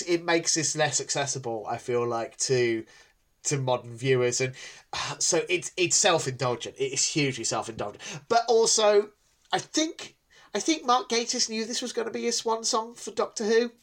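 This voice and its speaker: A man's voice: fairly high pitch, a bit bright. A man co-hosting a casual podcast chat, who rambles with many ums and restarts. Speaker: podcast co-host.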